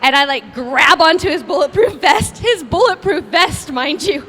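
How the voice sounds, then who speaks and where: A woman's voice: very high-pitched, animated, moderate pace, hardly any pauses, a bit bright, big-room sound. A young woman, a voice actress, telling bubbly, self-mocking stories at a convention fan Q&A. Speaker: voice actress panel guest. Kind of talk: animated storytelling at a fan Q&A. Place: convention panel room.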